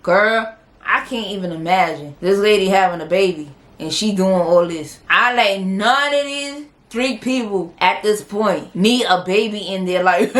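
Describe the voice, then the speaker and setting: A woman's voice: medium pitch, a bit bright. A woman casually recapping a TV episode, chatty and opinionated, often laughing as she talks. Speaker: TV show reviewer. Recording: roomy echo.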